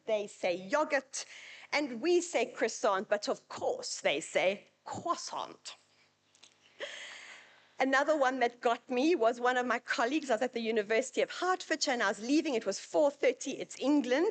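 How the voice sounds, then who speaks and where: South african lady presenting at a uni event, bit higher voice, chatty and joking. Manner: chatty, anecdotal, lightly humorous. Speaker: university presenter. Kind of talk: conference presentation with slides.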